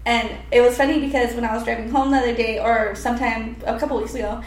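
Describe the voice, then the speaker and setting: A woman's voice: a little high, quick pace. A woman with a Hispanic family background, co-hosting a casual podcast chat, swearing freely and laughing as she tells her stories. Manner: profane, laughing, animated storytelling. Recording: echoey room with faint ambient noise.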